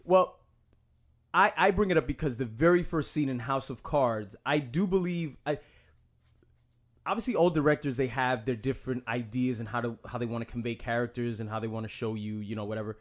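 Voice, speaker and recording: A man's voice: mid-range voice, brisk. Rambling, profane podcast guy. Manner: rambling, profane, lots of fillers and restarts. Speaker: podcast co-host. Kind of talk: casual podcast banter.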